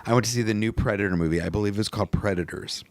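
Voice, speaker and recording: A man's voice: lowish voice, rapid-fire. A male comedian giving a casual, rambling commentary, often breaking off mid-sentence to tell stories. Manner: rambling, self-interrupting, anecdotal.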